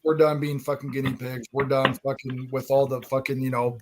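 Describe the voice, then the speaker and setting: A man in his forties hosting a loose, casual chat. He is emphatic and swears freely, and he keeps turning to speak straight to his listeners. He talks at a middling pitch for a man. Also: little pitch movement, brisk, background noise. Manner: profane, emphatic, addresses the audience. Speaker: host.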